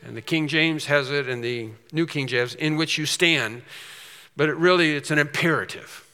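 A man preaching an expository sermon, emphatic, slowing down and repeating phrases for stress. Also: on the high side, bright, forceful tone, clear, resonant tone. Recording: long hall reverb.

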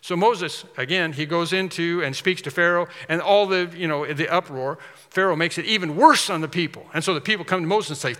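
A man preaching a sermon, telling a story in an animated way and then closing earnestly toward prayer. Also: a little high, fairly quick, big-room sound. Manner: animated storytelling, shifts to soft earnest close.

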